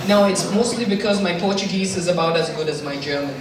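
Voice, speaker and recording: A man's voice: high voice, fast talker. A man doing stand-up comedy, teasing and coaxing the audience through a routine with self-mocking jokes. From India. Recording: distant mic in a very echoey hall with noise.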